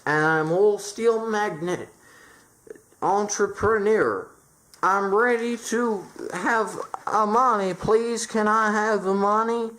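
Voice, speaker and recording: In a piece of absurd comedy voice acting, a woman plays a whiny male steel magnate stuffed with newspapers, pleading in stiff, formal sentences with no contractions. Her voice is mid-range and fairly bright, her pace slow, and the recording low in quality.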